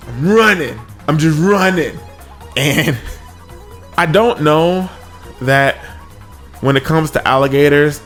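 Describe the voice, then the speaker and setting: A man telling a comic story from his own life, with sudden high-pitched exclamations. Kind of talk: comedic story time. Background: faint music.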